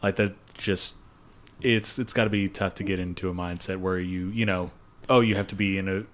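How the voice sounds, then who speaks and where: Low-voiced man joking on a podcast. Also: steady tone, moderate pace. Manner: joking, thoughtful, hesitant restarts. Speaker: podcast co-host. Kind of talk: casual chat about movies.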